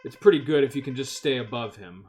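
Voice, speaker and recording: A man's voice: medium pitch, animated, fast talker, darkish tone. A man hosting a casual video game playthrough, swearing and laughing easily as he plays. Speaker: let's play host. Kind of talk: casual gaming commentary.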